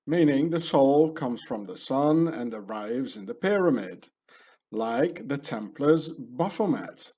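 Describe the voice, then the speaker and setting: Brief: male voice-over narrator, unhurried, ranting, rambling delivery. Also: mid-range voice, lively intonation, warm tone, slightly rough. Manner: rambling, ranting, heavy with fillers. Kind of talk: conspiracy video voice-over.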